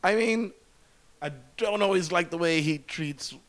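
A man's voice: high-pitched, measured pace, fairly bright tone. A man chatting casually as a guest on a podcast, enthusiastic and rambling with lots of fillers. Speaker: guest reviewer.

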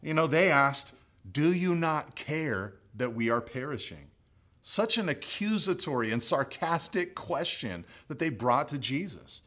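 Animated man preaching a sermon. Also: unhurried. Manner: expressive preaching, drops to soft low voice for quotes. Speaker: pastor.

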